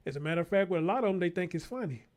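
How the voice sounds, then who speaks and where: A man's voice: high voice, animated, rapid-fire. A man hosting his own show, giving heated, profane commentary on news clips and calling out to his listeners like a preacher. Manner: profane, fired-up, preacher-like call-outs. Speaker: show host.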